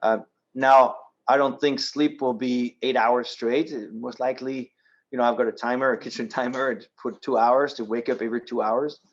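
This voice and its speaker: A man's voice: medium pitch, steady tone, normal speed, muffled recording. French-accented man explaining his gear. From France. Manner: practical, explains step by step with frequent ums and restarts. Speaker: guest speaker. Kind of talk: presentation with audience Q&A. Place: yacht club meeting room.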